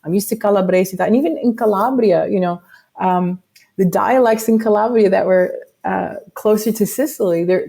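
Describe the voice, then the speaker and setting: Mellow-voiced woman. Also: mid-range voice. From United States. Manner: chatty, explains at length with asides and laughs. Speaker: guest folk musician. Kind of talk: casual podcast interview.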